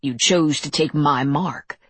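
A woman voicing a calm, smiling male crime boss who speaks with cool control in a storybook reading. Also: low voice, slow pace, breathy edge, no echo, exaggerated voice. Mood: cold rebuke.

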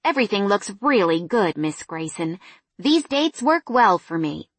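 A woman's voice: medium pitch, sing-song, unhurried, dry recording. A woman voicing a courteous, pleased female client in an audiobook, who speaks graciously.

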